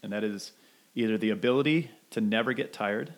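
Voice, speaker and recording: A man's voice: on the low side, a little fast. A man co-hosting a casual podcast, asking playful questions in an upbeat way and laughing easily. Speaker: co-host.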